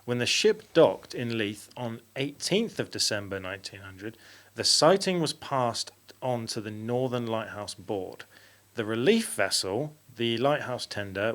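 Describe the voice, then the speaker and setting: A podcast host with a lowish, slightly bright voice reads facts aloud in a casual chat. He uses fillers and keeps stopping to correct himself.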